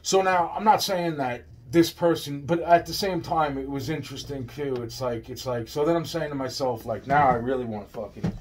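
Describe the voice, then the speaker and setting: A man's voice: a little high, normal speed, few pauses, slight background noise. A man telling a long personal story straight to the listener, rambling, repetitive and full of swearing.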